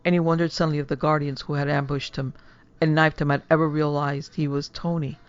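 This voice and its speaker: A woman narrating a horror story in a hushed, measured way. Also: deep voice, flat delivery, clean tone, highs cut off. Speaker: narrator and producer.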